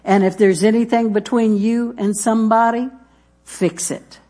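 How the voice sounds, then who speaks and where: A woman's voice: on the high side, fairly even intonation, normal speed, dark tone. Woman preacher, emphatic, repetitive delivery, addresses the congregation directly. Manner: emphatic, repeats phrases, talks straight to listeners. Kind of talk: sermon.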